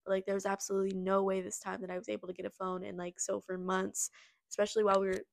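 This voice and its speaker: A woman's voice: medium pitch, completely flat delivery, rapid-fire, creaky. A young woman podcast host telling her personal story in a confessional way, acting out the dialogue as she recounts it.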